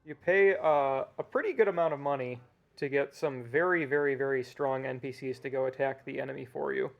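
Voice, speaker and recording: A man's voice: medium pitch, a little fast, gravelly, dull audio, faint music behind. A man giving casual speedrun commentary, explaining mechanics with hesitant fillers.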